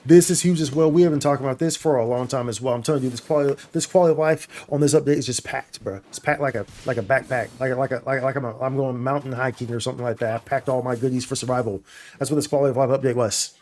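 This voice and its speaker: Excitable gamer man chatting casually. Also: mid-range voice, fast talker. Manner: enthusiastic, casual slang, addresses viewers as y'all and bro. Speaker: gaming YouTuber. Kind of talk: excited gameplay update commentary.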